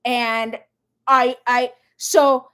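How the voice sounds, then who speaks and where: A woman from Minnesota, reading tarot in a casual livestream and rambling off on lively side tangents. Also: on the high side, drawn-out words. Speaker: tarot reader.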